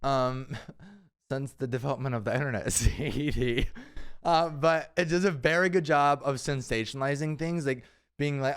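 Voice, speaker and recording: A young man co-hosting a casual podcast chat, joking and animated. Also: mid-range voice, moderate pace, smooth. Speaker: podcast co-host.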